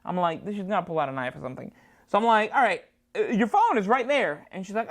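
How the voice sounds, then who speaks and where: At a quick pace and in a medium, very animated voice, a woman comedian recounts an anecdote as a guest in the studio. She performs both halves of the dialogue with jumpy, sweeping shifts in delivery.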